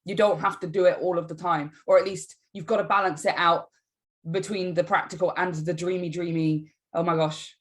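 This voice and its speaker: A woman's voice: lowish voice, fairly even intonation, fairly quick. A woman giving a casual tarot reading to camera, emphatic and encouraging, often checking in with "right?". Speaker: tarot reader.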